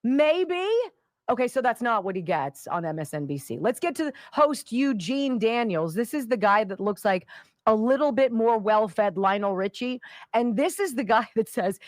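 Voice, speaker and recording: A woman's voice: fairly high pitch, animated, moderate pace, no echo. A woman hosting a talk radio show, delivering a sarcastic, combative monologue.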